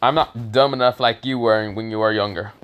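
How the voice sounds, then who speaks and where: Rude teen ninja kid, as a guy reads him, flat and dismissive. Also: lowish voice, a little fast, a little hiss or hum, close to an everyday voice. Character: cheeky rude teenage boy ninja.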